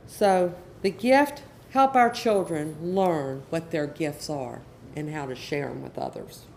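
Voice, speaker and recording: At a conference session, a middle-aged educational counselor addresses an audience earnestly, repeating her key points for emphasis. Her voice is low and darkish with vocal fry, she speaks slowly, and there's a little hiss or hum.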